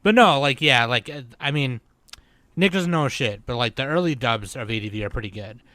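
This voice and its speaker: A man hosting a podcast in a mid-pitched, relaxed voice, full of fillers as he passes the talk around. The sound is close and dry, with no room around it. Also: a little fast, no echo. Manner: laid-back, filler-heavy, steers the talk. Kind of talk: casual podcast chat.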